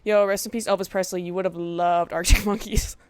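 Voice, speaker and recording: A woman's voice: on the low side, little pitch movement, a little fast, slight background noise. A young woman from the United States ranting about lawns in a passionate, exasperated vlog, swearing and laughing at herself. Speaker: video essay creator.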